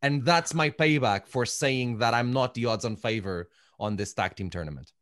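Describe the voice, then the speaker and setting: A man's voice: mid-range voice, a bit bright. A man hosting a casual podcast, a wrestler himself, bantering playfully and teasing his guest. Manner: playful and joking, quick laughs, teasing banter.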